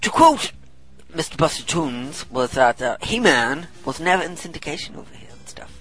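A man's voice: a little high, very animated, moderate pace, fairly bright tone, husky, poor audio. A man, chatting casually as a podcast co-host, rambling and joking. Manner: rambling, jokey, slips into silly put-on voices. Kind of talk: casual chat.

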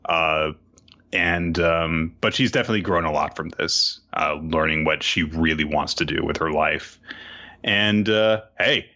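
A man co-hosting a casual chat, enthusiastic and quick to laugh. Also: rumbling low, pushed and bright, lo-fi sound. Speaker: podcast co-host.

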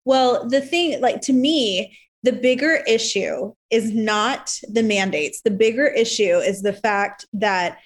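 A woman co-hosting a talk show, speaking quickly and emphatically with an exasperated tone. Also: fairly high pitch. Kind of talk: casual opinion chat.

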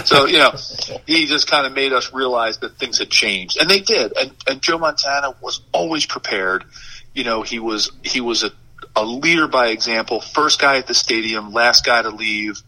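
A man in his fifties, a former football player and guest, telling animated anecdotes in a casual interview with many "you know" fillers. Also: medium pitch, moderate pace, low-quality recording.

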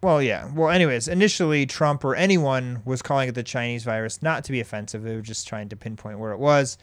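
Smooth-voiced man telling a story casually. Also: medium pitch, fast talker, no echo. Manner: rambling, with many ums and restarts. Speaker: podcast host.

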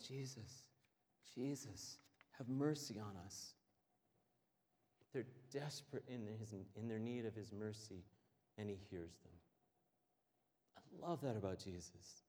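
A man's voice: on the low side, normal speed. Preaching man in an echoey hall. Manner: passionate, swings between quiet and loud. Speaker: pastor. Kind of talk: sermon.

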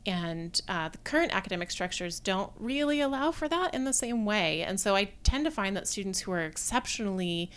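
A woman professor speaking as a guest in a podcast interview, talking in a thoughtful, measured way with frequent pauses to gather her thoughts. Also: medium pitch, expressive, a bit bright, smooth. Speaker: guest, theatre design professor.

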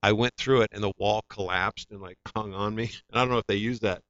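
A man's voice: fairly low pitch, fast talker, no room sound, lo-fi sound. A man, an actor, telling stories from his career in a casual interview, acting out the voices of the people he quotes. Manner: animated anecdotes, acts out quoted voices. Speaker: actor, guest.

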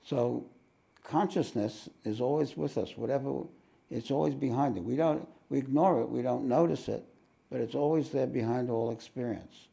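A gravelly, darkly mellow male voice, thick with vocal fry. He teaches a live satsang at an ashram, musing reflectively and slipping in wry jokes between his points. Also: mid-range voice, normal speed. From New York. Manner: reflective, with wry joking asides. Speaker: spiritual teacher. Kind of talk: live satsang talk with readings. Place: ashram meeting hall.

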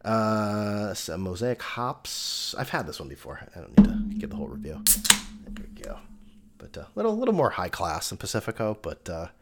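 A man's voice: lowish voice, sing-song, normal speed, heavy background noise. A young man, a podcast host, telling a personal story in a loose conversational way, swearing now and then and laughing between thoughts. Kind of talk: casual storytelling monologue.

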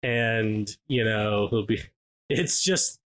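A man's voice: lowish voice, takes it slowly, a bit bright. A man co-hosting a podcast in casual chat, rambling with lots of fillers and restarts. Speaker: podcast co-host.

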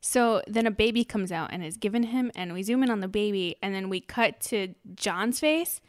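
A woman's voice: medium pitch, moderate pace, no room sound, clean studio sound. A woman in casual chat, recapping a TV episode with a friend, laughing often and acting out her reactions. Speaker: podcast co-host recapping a TV episode.

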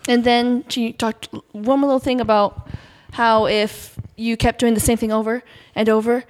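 A woman's voice: fairly high pitch, level tone, moderate pace. A woman on a podcast, telling about a children's lesson in a casual, eager, run-on way.

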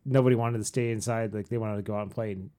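A man's voice: on the low side, steady tone, rapid-fire, mellow. Easygoing man cohosting a podcast. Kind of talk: casual chat and show outro.

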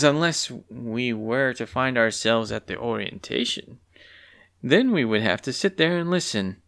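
A man voicing a sly, confident young female bird student who talks coyly and calmly. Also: mid-range voice, gravelly, pitched above the performer's own voice. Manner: coy and calm.

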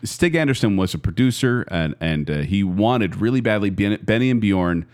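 A man's voice: on the low side, expressive, moderate pace, a little mellow. A man hosting a casual podcast, telling a music history with lots of fillers and restarts. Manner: chatty, many fillers, trails off and restarts.

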